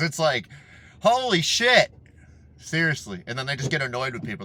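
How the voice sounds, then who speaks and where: A man's voice: on the high side, brisk. A man delivering a blunt, profanity-heavy motivational rant from inside a car. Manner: blunt, heavy swearing, animated. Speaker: fitness vlogger.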